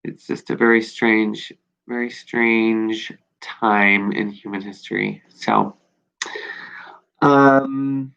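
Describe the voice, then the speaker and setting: A man recording a personal video journal, talking in a reflective, halting way with many pauses and fillers. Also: fairly low pitch, fairly even intonation, gravelly, fairly bright tone, clear, resonant tone. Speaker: video diarist. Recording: dull lo-fi recording.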